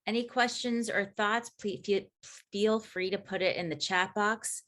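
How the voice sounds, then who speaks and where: A woman's voice: medium pitch, steady tone, measured pace, fairly bright tone. A woman hosting a casual video call, chatty and loose with her words. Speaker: host.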